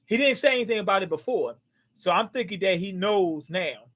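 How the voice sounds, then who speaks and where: A man hosting a live manga reaction, reading panels aloud with excited outbursts and stumbling over names. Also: high-pitched, brisk.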